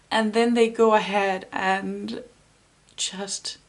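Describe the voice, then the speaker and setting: A woman giving a pick-a-card tarot reading, talking softly and encouragingly with frequent pauses and fillers. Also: medium pitch, fairly even intonation, vocal fry. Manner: soft, unhurried and encouraging, with many fillers.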